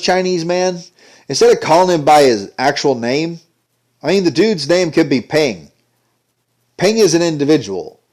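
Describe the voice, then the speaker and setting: A man's voice: on the high side, a little mellow. A man giving an indignant, sarcastic ranting commentary. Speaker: commentary vlogger.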